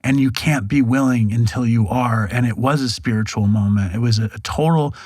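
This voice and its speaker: Frank, animated man telling his story. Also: mid-range voice, fairly quick, no echo. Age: 40s. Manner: frank, animated, acts out quoted dialogue, swears. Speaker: podcast guest. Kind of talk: candid storytelling interview. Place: podcast studio.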